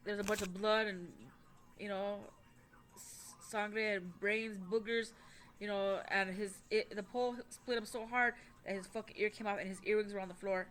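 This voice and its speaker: A woman's voice: mid-range voice, steady tone, moderate pace, fairly bright tone. Profane rambling woman telling a story. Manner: rambling, profane, with many fillers and restarts. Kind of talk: casual personal story.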